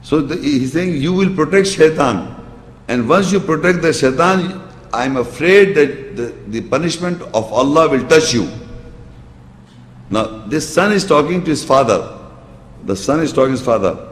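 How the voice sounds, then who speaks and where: A man's voice: fairly high pitch, animated, normal speed. A man giving an emphatic religious lecture and reciting Arabic verses. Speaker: Islamic lecturer. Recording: echoey hall reverb.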